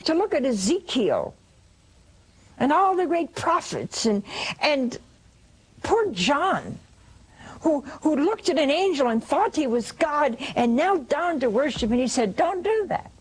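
A woman retelling a saint's dream vision in slow, expressive storytelling, sinking soft and low for the hushed parts. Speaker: religious storyteller.

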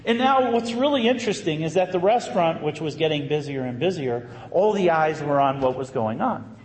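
A man, a Catholic priest, telling a story in a sermon with a lively, conversational manner and emphatic bursts. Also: a little high, brisk. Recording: echoey hall, faint ambience.

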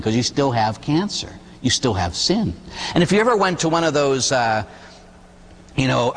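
A man, a Catholic priest, giving an animated, conversational sermon full of rhetorical questions. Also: medium pitch, long reverb tail.

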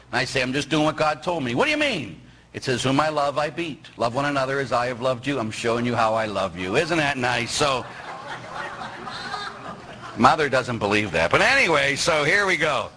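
A middle-aged male priest giving a lively sermon, teasing and quizzing his congregation. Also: mid-range voice, slight background noise, rough recording. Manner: animated, teasing, asks the audience questions.

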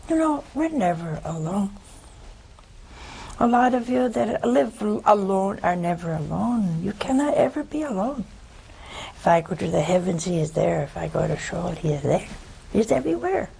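An older woman preaching a folksy, animated sermon, swinging between loud bursts and hushed asides. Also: mid-range voice, moderate pace, gravelly, husky, rough recording.

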